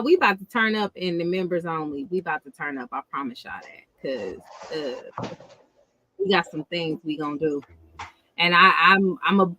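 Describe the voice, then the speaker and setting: A woman hosting a casual livestream, telling stories in an animated way with lots of laughter and slang. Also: lowish voice. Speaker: livestream host.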